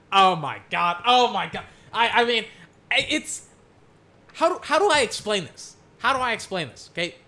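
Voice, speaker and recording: A young man with a high-sitting voice chats about football while watching game clips. He rambles excitably and breaks into mock play-by-play calls.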